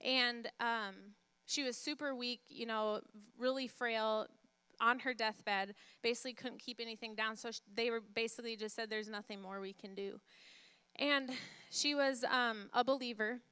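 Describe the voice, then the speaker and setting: A woman pastor delivers a sermon in a bright, slightly high voice, pressing her points by repeating key phrases and asking the congregation questions. When she retells a story she drops to a hush. Her pitch stays fairly even and her pace moderate, with a smooth sound recorded close and dry, free of any room noise.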